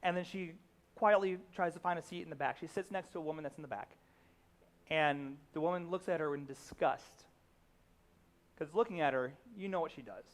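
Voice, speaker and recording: A man's voice: a little high, fairly quick. A man preaching a sermon as a pastor, telling a story conversationally with fillers and acting out the lines.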